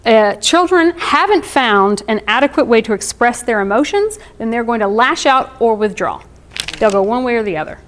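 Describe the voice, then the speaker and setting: A woman's voice: a little high, animated, moderate pace. A woman in her thirties giving an informal presentation on emotional wellness, conversational and explanatory, with frequent ums and asides.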